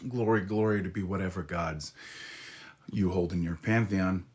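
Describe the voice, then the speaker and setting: A man chatting live with his viewers in a flirty, teasing way, drawing out his words and murmuring softly, while getting over a head cold. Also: low voice. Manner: flirty, teasing, slow drawl with soft murmurs. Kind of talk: casual live-stream chat.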